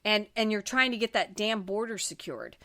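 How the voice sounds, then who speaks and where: A middle-aged woman from the Florida Panhandle hosts a political talk show, her voice sitting at an ordinary pitch. She talks in emphatic, exasperated bursts, tripping over her own restarts as she vents. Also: expressive, moderate pace, a bit bright.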